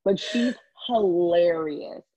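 A woman's voice: on the low side, slow pace. A woman from Maryland hosting a podcast, chatting casually and gossiping with a lot of laughter. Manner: gossipy, animated, laughs often. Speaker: podcast host. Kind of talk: casual chat.

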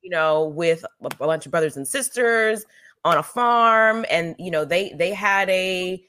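A woman co-hosting a podcast shares personal stories in candid conversational chat, speaking emphatically and restarting often. Her voice is fairly low and fairly bright, a little slow, with a slight hiss or hum on the recording.

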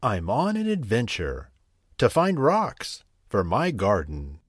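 A man's voice: fairly low pitch, huge pitch swings, takes it slowly, husky, no echo, clean studio sound, full character voice. A man reading as Bonnie, a cheerful little bunny. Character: cheerful young female bunny on an adventure.

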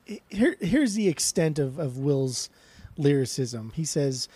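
A man co-hosting a podcast, talking in an animated, mocking casual way and swearing often. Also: fairly high pitch, a little slow, breathy edge, dry recording. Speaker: podcast co-host. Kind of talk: casual chat.

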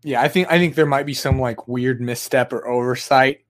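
A man's voice: medium pitch, moderate pace. A man co-hosting a loose podcast conversation. He stops and restarts his sentences often and laughs easily while he talks things through. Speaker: podcast host. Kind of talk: casual chat.

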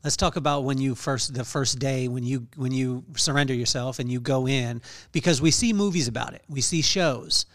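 A man's voice: medium pitch, normal speed, few pauses, a bit bright. A man hosting a podcast, asking questions in a conversational, emphatic way. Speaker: podcast host. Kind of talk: casual interview questions.

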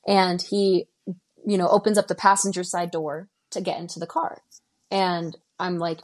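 A woman's voice: fairly low pitch, level tone, normal speed. Guest: woman in her twenties from Denver, recounting events in present tense and voicing each line of dialogue. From Denver, Colorado. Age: 20s. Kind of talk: recounting a personal story.

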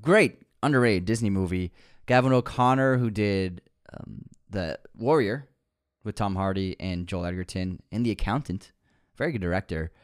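A man's voice: fairly low pitch, moderate pace, clean tone, dry recording, clean studio sound. A young man co-hosting a casual film podcast, gushing with enthusiasm and laughing often. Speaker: podcast co-host.

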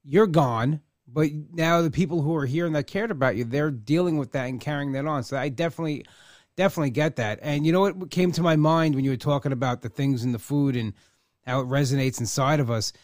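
A man hosting a casual interview, reflecting out loud and sharing his own experiences. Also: a little high, a little fast, no room sound, clean studio sound. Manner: reflective, shares personal stories. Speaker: podcast host.

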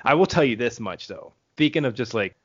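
A man hosting a podcast in casual chat, rambling quickly and laughing often. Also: mid-range voice, lively intonation, husky. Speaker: podcast host. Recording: dull lo-fi audio.

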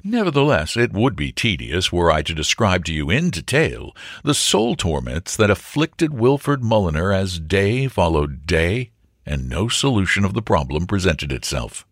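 A man reading a comic story aloud as an audiobook narrator, with an expressive, theatrical delivery. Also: low voice, moderate pace, no room sound, clean studio sound.

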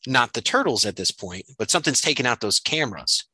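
A man's voice: medium pitch, fast, breathy edge, no echo, low-quality recording. A man hosting a casual chat, recapping a comic story step by step. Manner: steady recap with frequent fillers.

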